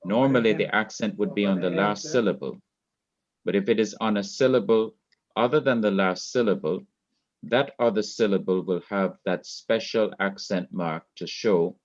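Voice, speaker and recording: A man teaching a Hebrew grammar class, explaining slowly and repeating key points. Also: lowish voice, dull audio. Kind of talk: online classroom lecture. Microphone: laptop mic.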